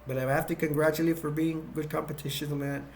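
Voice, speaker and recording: A man casually repeating the lines of a boastful male space villain while he retells a movie, in a loose, halting way. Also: on the high side, flat delivery, gravelly, darkish tone, slight background noise. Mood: taunting.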